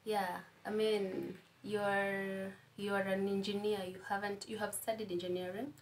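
A woman's voice: medium pitch, level tone, measured pace, a little hiss or hum. Chatty young Kenyan woman giving advice. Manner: chatty, laughs at her own stories, friendly asides. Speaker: guest. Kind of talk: casual advice-giving conversation.

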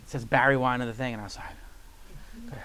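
In a storytelling interview recorded live with an audience, a male guest with a mid-range voice talks at normal speed through a long anecdote. He brings it to life by acting out the voices of the people involved, using "like" over and over as filler.

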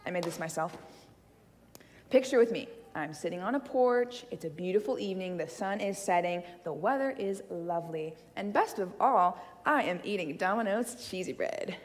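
A woman's voice: lowish voice, animated, moderate pace, hardly any pauses, in a large hall. A woman giving a sermon, telling a personal story with playful asides. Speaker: church speaker. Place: church hall.

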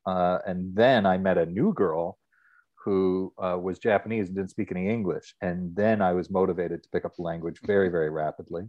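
A middle-aged man, a guest in a casual interview, telling stories in a relaxed, rambling way. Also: deep voice, normal speed, no room sound, muffled recording.

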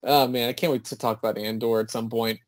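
A young man co-hosting a podcast, talking in a relaxed, wry, joking way. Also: medium pitch, fast, no echo. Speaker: podcast co-host. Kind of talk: casual chat.

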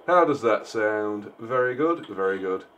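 A man's voice: on the low side, lively intonation, unhurried, fairly bright tone, highs cut off, a little hiss or hum. A man giving casual joking commentary while he plays a game, talking back to the characters. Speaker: gameplay streamer. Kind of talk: casual let's-play commentary.

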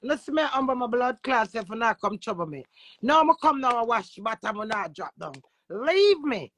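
A woman with a Jamaican accent, a social media influencer, talking loudly and boastfully in casual patois and swearing freely. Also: on the high side, big pitch swings, normal speed. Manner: loud, profane and boastful. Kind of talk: brash casual talk in patois.

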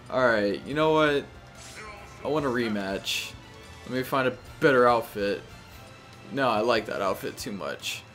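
A young man giving casual, animated commentary while playing a video game, talking to the characters on screen and often exclaiming. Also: mid-range voice. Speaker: gameplay commentator. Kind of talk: casual live gameplay commentary.

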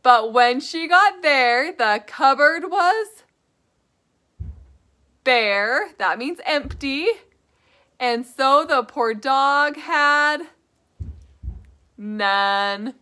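A young woman teaching preschoolers, reciting nursery rhymes in a sing-song, drawn-out way. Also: high voice, lively intonation, sharp tone. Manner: sing-song, drawn-out phrasing for small children. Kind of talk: children's lesson and nursery rhymes.

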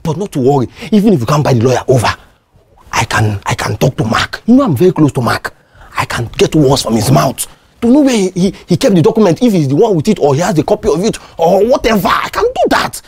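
Actor playing a two-faced nigerian neighbour, mid-pitched, lively intonation, sly, stammering. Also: fast, breathy edge, heavily acted. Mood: scheming. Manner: soothing, sly, many fillers, stammers.

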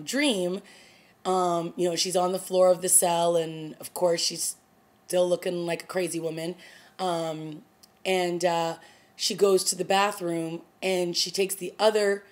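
A woman casually recapping a TV episode, retelling scenes in a chatty, animated way and acting out the characters' lines. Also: on the low side. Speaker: TV reviewer.

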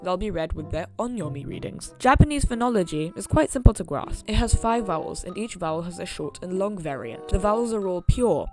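A woman reading a scripted language lesson as a voice-over, explaining points clearly and steadily. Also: lowish voice. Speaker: language educator. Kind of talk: scripted educational narration. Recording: clear music playing behind the voice. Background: background music.

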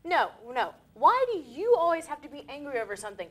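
A woman's voice: high-pitched, sing-song, fast talker, fairly bright tone. A young woman co-hosting a comic student TV show, delivering an indignant, complaining rant. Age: young adult. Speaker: co-host.

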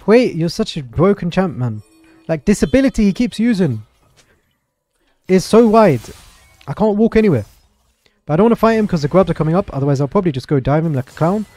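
A young man streaming a video game, chatting excitedly through the match and answering his chat. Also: high-pitched, a little fast, faint music behind. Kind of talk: live gameplay commentary.

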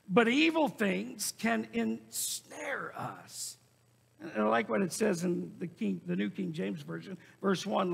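A pastor with a high, gravelly, husky voice preaches a sermon in a church sanctuary, driving his points home through repetition and sudden shouts. The hall's long reverb rings around him.

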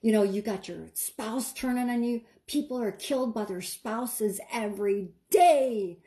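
A woman gives an impassioned online sermon in a mellow, somewhat high voice at a measured pace. As a preacher she's dramatic and urgent, repeats her phrases, and addresses listeners directly in a casual manner.

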